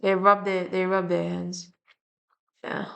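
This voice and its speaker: A woman's voice: lowish voice, little pitch movement, slow, gravelly, bright, forceful tone. A young adult woman with a French and Slavic accent, ranting bluntly and rambling with frequent swearing in a casual vlog. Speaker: vlogger. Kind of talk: casual rant to camera.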